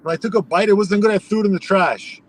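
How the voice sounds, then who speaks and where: A man from Iran talks in a notably high voice. He tells his story as a heated, swearing rant in casual stream chat. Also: fast talker, slight background noise. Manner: animated ranting storyteller, swears a lot.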